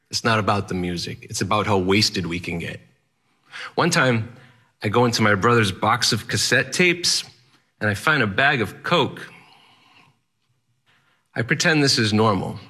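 A man's voice: on the low side, sharp tone, slightly rough. A man telling a personal story on stage in vivid present tense, with a wry touch.

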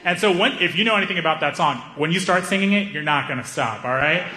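A man telling a stand-up story, animated, acting out the people in it. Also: a little high, fast. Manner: animated, acts out characters. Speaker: stand-up comedian. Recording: echoey hall reverb.

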